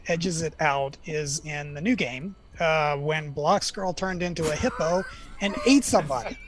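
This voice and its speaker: A man in a casual chat about his tabletop game, telling a story hesitantly with many pauses and filler sounds. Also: a little high. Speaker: player.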